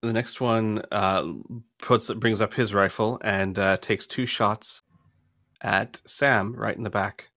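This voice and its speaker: Male game master, unhurried and rambling, dry close mic. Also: fairly low pitch, steady tone, no room sound. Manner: rambling, laughs between lines, counts out loud. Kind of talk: narrating a tabletop game.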